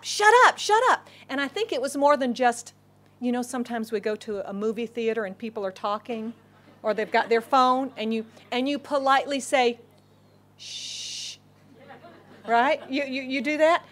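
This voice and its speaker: A middle-aged woman preacher delivers a sermon, her voice sitting a little high. She tells the story with animation, acting out the crowd and sometimes sinking to a whisper. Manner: drops to a whisper for inner thoughts. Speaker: pastor.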